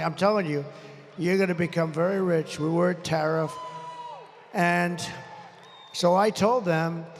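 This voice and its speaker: An older man in his seventies rails from a rally podium in a high, gravelly voice, rambling and boastful, ready to pick a fight. His throat sounds strained from shouting. The sound carries a long arena echo over a faint crowd. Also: slight background noise. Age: 70s. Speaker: presidential candidate. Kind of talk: off-the-cuff campaign rally speech. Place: large indoor rally venue. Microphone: podium microphone.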